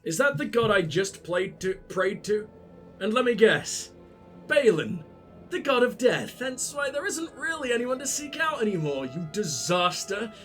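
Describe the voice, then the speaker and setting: A man's voice: high-pitched, very animated, a little slow, fairly bright tone, soft background music. A man commentating a video game playthrough, sarcastic and profane, mocking the characters on screen. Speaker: let's play host. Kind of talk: gaming commentary.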